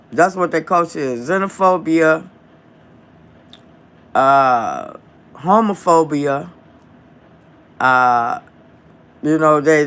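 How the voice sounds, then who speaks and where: A man hosting a live stream from home, talking in a heated, profane, drawn-out rant into his phone. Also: on the high side, a bit bright, clean tone. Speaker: livestream host.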